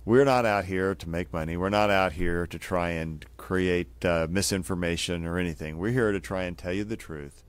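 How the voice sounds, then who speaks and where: A man's voice: low voice, moderate pace, few pauses. A man who is a doctor and co-host, speaking earnestly and sincerely to viewers.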